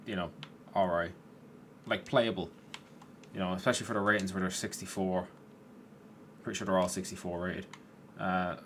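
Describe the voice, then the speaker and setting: Over slight background noise, a gaming YouTuber with a lowish voice chats casually about his football video game. He swears at the players, gets worked up in excitement, and occasionally yawns, sounding tired.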